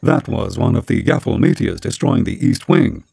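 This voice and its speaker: A man voicing a sardonic male computer that speaks flatly and matter-of-factly. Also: on the high side, moderate pace, gravelly, no room sound, faint music behind, voice pushed up. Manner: flat, dry, matter-of-fact.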